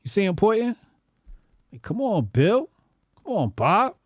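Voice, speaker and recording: A man's voice: high voice, very animated, no echo, pitched above the performer's own voice, full character voice. A man voicing an exasperated figure in an old picture, pleading incredulously with someone who is missing the obvious. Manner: incredulous, pleading with a slow friend.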